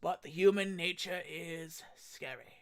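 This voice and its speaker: A man's voice: a little high, a little slow. A man playing in a tabletop game, talking in character in a rambling way, often restarting his sentences. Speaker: player.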